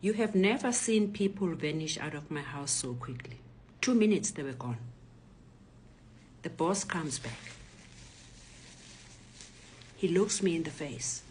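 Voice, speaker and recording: Hushed older South African woman. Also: low voice, expressive, slow, long pauses, slight background noise. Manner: hushed, often whispery storytelling. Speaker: retired professor telling her story. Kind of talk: personal testimony.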